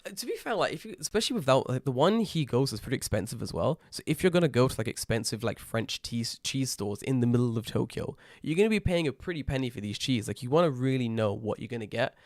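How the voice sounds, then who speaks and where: A young man, co-hosting a casual podcast, telling animated stories and swearing freely. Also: mid-range voice, quick pace, few pauses, dry recording, clean studio sound. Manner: lively storyteller, swears freely, impersonates friends. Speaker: podcast co-host.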